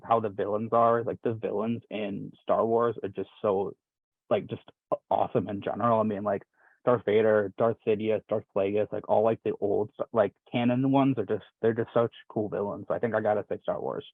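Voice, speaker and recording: A man's voice: lowish voice, fairly even intonation, normal speed, no room sound. A young man from Wisconsin chatting casually as a podcast guest, rambling with lots of fillers and restarts. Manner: rambling, many fillers and restarts, laughs often. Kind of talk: casual chat. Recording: dry, tinny phone-like line.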